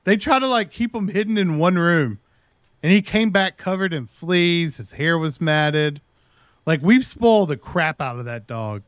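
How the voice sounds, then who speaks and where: A man's voice: fairly high pitch, lively intonation, a little slow, clear, resonant tone, no echo. Casual rambling male streamer, lo-fi mic. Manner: rambling storytelling, talks to his dog between stories. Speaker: livestreamer. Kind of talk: casual chat with stream viewers.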